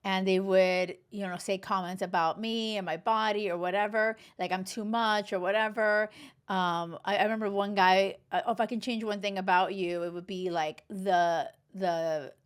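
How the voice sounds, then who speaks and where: A woman's voice: medium pitch, fairly even intonation, normal speed, clear, resonant tone. A woman in her thirties hosting a dating advice podcast, giving frank, casual commentary full of "like" and "you know". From Cuban heritage. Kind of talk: casual reality-show commentary.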